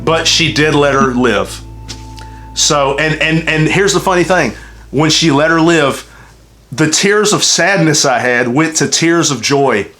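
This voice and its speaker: A man's voice: on the high side, unhurried, sharp tone, faint music behind. A man with a Southern US accent hosting a casual game review chat, rambling, emotional and swearing constantly. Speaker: channel host reviewing a game. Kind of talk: casual unscripted review chat, heavy profanity.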